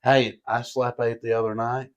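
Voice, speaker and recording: A man's voice: medium pitch, little pitch movement, moderate pace. A young man co-hosting a podcast in casual chat, laid-back, laughing often and swearing casually. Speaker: podcast co-host.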